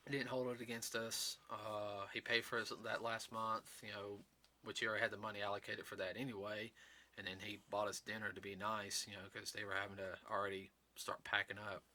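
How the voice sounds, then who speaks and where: A man hosting a casual talk show, speaking in an earnest, rambling way with halting restarts. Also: on the low side, level tone, bright, forceful tone. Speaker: host. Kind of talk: casual chat.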